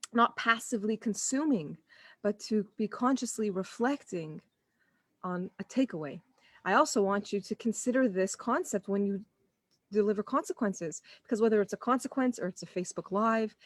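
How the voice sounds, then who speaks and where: Animated woman parenting coach. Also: mid-range voice, no room sound, clean studio sound. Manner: animated storytelling, acting out quoted dialogue. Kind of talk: casual live-stream talk.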